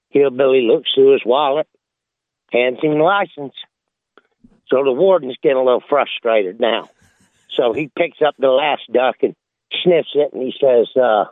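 A man's voice: medium pitch, measured pace, dry recording. A man calling into a radio show, telling a joke in a folksy way with lots of uhs. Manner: folksy storyteller with many uhs. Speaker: caller. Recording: tinny phone line.

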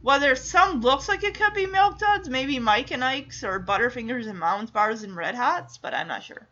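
A woman's voice: sits high, lively intonation, moderate pace, pushed and bright, highs cut off. A woman giving casual, wry reaction commentary, chatty and acting out characters' lines as she recaps. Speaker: reaction video host.

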